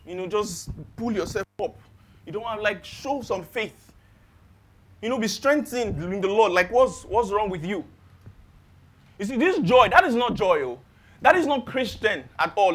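A man's voice: high-pitched, fairly bright tone. A young Nigerian man with a Nigerian accent preaching a sermon, asking his congregation rhetorical questions.

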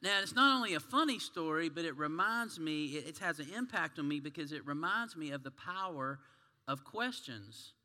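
Folksy preacher in a reverberant hall. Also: male voice, on the high side, expressive, moderate pace, bright, forceful tone. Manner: folksy, conversational storytelling. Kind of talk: sermon.

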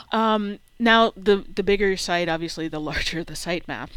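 A woman's voice: on the low side, normal speed, fairly bright tone, smooth, no room sound. A woman co-hosting a casual tech podcast, playful and laughing often as she explains. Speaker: podcast co-host.

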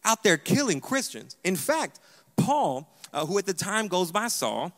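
Man, pastor, emphatic sermon, higher-pitched, echoing church hall. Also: unhurried. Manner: animated, emphatic preaching with repeated "hear me". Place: church sanctuary.

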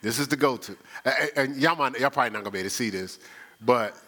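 A man's voice: mid-range voice, quick pace, sharp tone. A man preaching a conversational sermon, telling stories in a folksy, chatty way and often repeating himself. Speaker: pastor. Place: church sanctuary.

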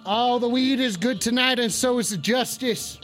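A man doing a high, bright-voiced stoned cowboy radio host. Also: normal speed, soft background music. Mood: swaggering. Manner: drawling, swaggering, rambling and profane. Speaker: call-in show host. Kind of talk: comedic call-in radio bit.

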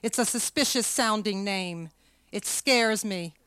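A woman's voice: medium pitch, measured pace, a bit bright, clean tone, dry recording, close to an everyday voice. A woman reading aloud, voicing a frightened young woman who speaks tensely, close to tears. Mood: accusing. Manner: tense, pleading, near tears.

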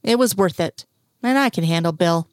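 A woman's voice: on the low side, moderate pace, no room sound, studio quality, natural voice. A woman reading a story aloud, voicing a confident, teasing young woman in an intimate tone.

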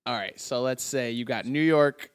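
A man's voice: mid-range voice, normal speed, clean tone. A man co-hosting a podcast in casual chat, asking curious, joking questions.

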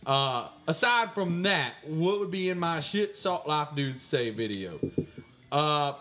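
A man's voice: big pitch swings, slow pace, sharp tone. A man, co-hosting a comedy show and answering listener mail in a mock-pompous voice. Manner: mock-pompous, swings between high squeaks and low mutters. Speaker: podcast co-host answering fan mail in character.

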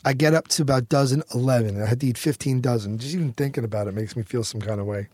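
A middle-aged American man telling a story as a guest in an interview, animated and quick to act out what others said. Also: medium pitch, husky, no echo, clean studio sound. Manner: animated storyteller, acts out quotes, swears freely.

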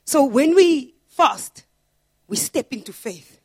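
A woman's voice: sits high, animated, slow, no room sound. Earnest woman preaching, dry close sound. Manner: earnest, building to loud emphatic repetition. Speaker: pastor. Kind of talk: sermon.

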